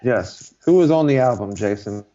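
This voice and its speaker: A man co-hosting a podcast in casual chat, relaxed, with many filler sounds. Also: medium pitch, moderate pace, soft background music. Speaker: podcast co-host. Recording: slightly dull podcast audio.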